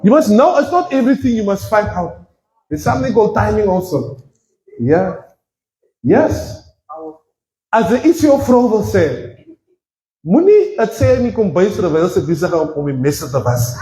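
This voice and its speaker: A man's voice: high-pitched, very animated, normal speed, pauses often, dark tone, reverberant, poor audio. A South African man preaching a sermon as pastor, joking and acting out voices, laughing often. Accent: South African, switching with Afrikaans. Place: church.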